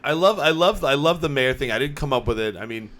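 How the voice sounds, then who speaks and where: Male co-host, mid-range voice, animated storyteller, casual banter. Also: mid-range voice, quick pace. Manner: animated storyteller, acts out quotes. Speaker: podcast co-host. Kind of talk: casual chat. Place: small home studio.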